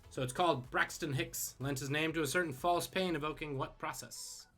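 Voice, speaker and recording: A man hosting a live-streamed trivia quiz, reading questions and tossing in quick joking asides. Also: a little high, a bit bright, soft background music. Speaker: trivia host.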